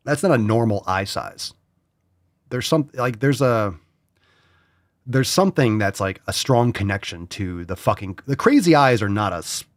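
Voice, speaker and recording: A man's voice: medium pitch, no room sound, clean studio sound. A man hosting a podcast, talking bluntly and profanely in casual chat, mocking others in put-on voices. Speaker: podcast host.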